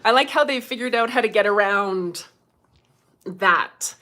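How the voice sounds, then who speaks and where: A middle-aged woman hosts a casual livestream as a medium, chatting away, laughing easily, and greeting viewers by name. Her mid-range voice sounds pushed and bright.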